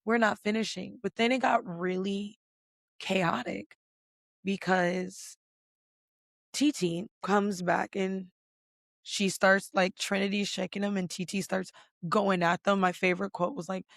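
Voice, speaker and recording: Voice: medium pitch, flat delivery, measured pace, vocal fry, a bit bright, no room sound, studio quality. A podcast host doing a casual pop culture recap, ranting bluntly and profanely, with lots of "like" fillers. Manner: filler-heavy with many "like"s.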